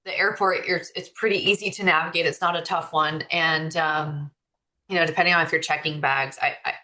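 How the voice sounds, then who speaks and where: Bright-voiced woman hosting a casual Q&A. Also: low-pitched, steady tone, brisk. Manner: chatty, many fillers and restarts. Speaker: course host. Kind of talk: casual webinar Q&A.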